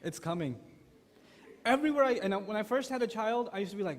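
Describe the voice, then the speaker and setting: A male preacher gives an animated, joking talk to a live audience of parents. His voice sits high for a man, and it rings with a long echo around a large hall. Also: fast talker. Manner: animated, acts out quotes. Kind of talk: humorous sermon talk. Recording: echoey hall.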